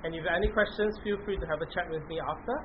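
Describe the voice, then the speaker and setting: A man's voice: fairly high pitch, racing. A man giving a conversational Buddhist dharma talk to a group, often checking in with "right?" and repeating words as he restarts a thought. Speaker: Buddhist teacher. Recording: tinny phone-like lo-fi with faint hiss.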